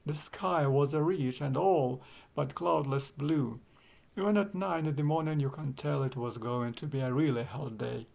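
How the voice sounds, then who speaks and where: A man's voice: on the high side, normal speed, creaky, a little mellow. A man reading a travel story aloud as narrator, with a wry, dry sense of humor. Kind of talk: audiobook reading.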